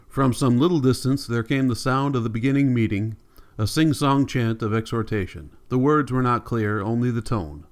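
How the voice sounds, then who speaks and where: A man narrating a classic novel as an audiobook, steady and measured. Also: medium pitch. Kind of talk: scripted narration.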